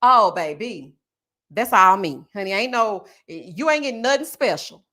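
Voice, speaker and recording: A woman with a Texas Southern twang, chatting casually with her viewers in a sing-song, drawn-out way. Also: mid-range voice, lively intonation, pushed and bright. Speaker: YouTube reality-show reviewer. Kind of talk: casual chat reading viewer comments.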